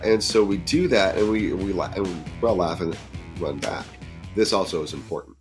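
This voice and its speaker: A man with a fairly low voice tells a true story in a casual, conversational way. He is lively and jumps into other people's lines with a raised voice. Soft music plays faintly behind him. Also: fairly quick. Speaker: podcast guest storyteller.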